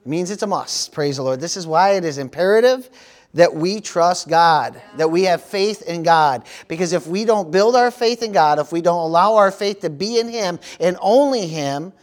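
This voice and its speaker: A man's voice: sits high, animated, moderate pace. A middle-aged man from the United States preaching a sermon as pastor, peppering his talk with "praise the Lord" and "amen.".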